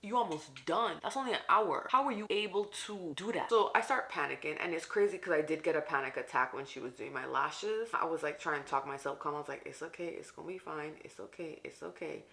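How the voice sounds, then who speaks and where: A woman's voice: low-pitched, animated, brisk, few pauses, pushed and bright. A young woman vlogger telling an indignant story-time vent while getting ready, acting out quotes. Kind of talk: venting story time while doing makeup.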